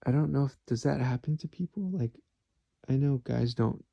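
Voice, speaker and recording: A man's voice: medium pitch, moderate pace, creaky, dry recording, highs cut off. A man talking alone to the camera in a rambling, candid monologue, swearing freely as he goes. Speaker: vlogger.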